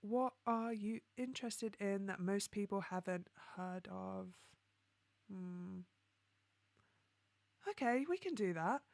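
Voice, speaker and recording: A woman's voice: medium pitch, takes it slowly, vocal fry, pauses often, no room sound. A young woman chatting casually on a livestream, reading out viewer comments with many ums and likes. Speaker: livestream host.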